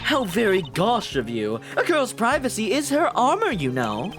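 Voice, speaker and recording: A man's voice: high voice, huge pitch swings, moderate pace, over music, voice pushed up. A man voicing a flamboyant, doting middle-aged woman warden, theatrical and sing-song, calling everyone darling. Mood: gushing.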